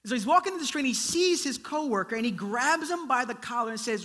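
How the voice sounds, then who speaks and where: A man preaching a sermon, telling a story in a lively way and acting out its characters. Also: extremely high pitch, normal speed. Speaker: pastor.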